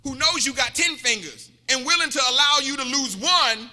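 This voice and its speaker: A man preaching in a joking, repetitive way, calling out to the congregation with lots of back-and-forth. His voice is very high and very bright. A long reverb trails behind him from a church hall. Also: moderate pace, faint music behind. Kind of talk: sermon.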